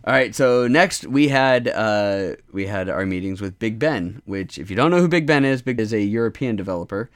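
Excitable man with a smooth low voice. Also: normal speed, hardly any pauses, dry recording, clean studio sound. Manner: excitable, swearing, laughing often. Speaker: podcast co-host. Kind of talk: casual chat.

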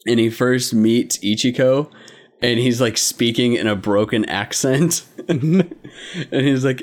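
A man's voice: medium pitch, normal speed. A man co-hosting a casual podcast, recapping anime episodes, laughing often and rambling with restarts. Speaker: podcast co-host.

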